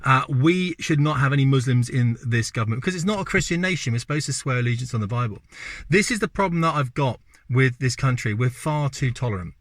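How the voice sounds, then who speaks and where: A middle-aged Englishman, delivering an opinionated talking-head monologue with forceful repetition and rhetorical questions. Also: mid-range voice, lively intonation, fast talker, dry recording. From England. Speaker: video host.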